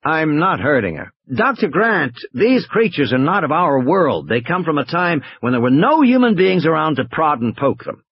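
A man's voice: on the high side, very animated, moderate pace, hardly any pauses, muffled recording, pitched above the performer's own voice. A man voicing a fussy male park official who talks in a firm, polite way. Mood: insistent.

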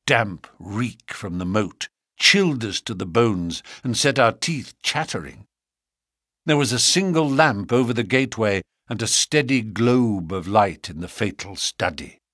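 A male audiobook narrator telling a classic novel in a steady, expressive way. His voice is fairly low but full of pitch movement. The recording is dry and close, with no room echo. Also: husky.

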